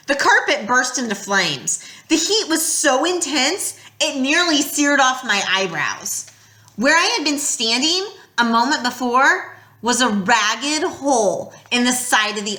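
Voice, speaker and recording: Woman reading a story aloud, lively ups and downs, bright voice, a bit echoey. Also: a little high. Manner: expressive storytelling, drops quiet at tense moments. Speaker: audiobook reader. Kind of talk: first-person novel narration.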